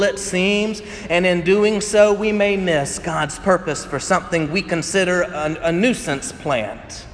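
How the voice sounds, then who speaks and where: A man preaching a sermon in a fairly high voice, mixing scripture with chatty stories and frequent laughter. His voice rings with a long reverb from a large room, and faint ambient noise sits underneath. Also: fairly bright tone. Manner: conversational storytelling, often laughing. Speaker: pastor. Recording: echoey hall with faint ambience.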